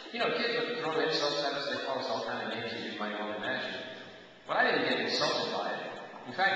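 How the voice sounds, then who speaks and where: A man in his sixties giving a talk to students, animated and teasing, asking the audience questions. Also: medium pitch. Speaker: guest speaker at a school. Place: school auditorium or hall. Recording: echoey hall recording from far off, hissy.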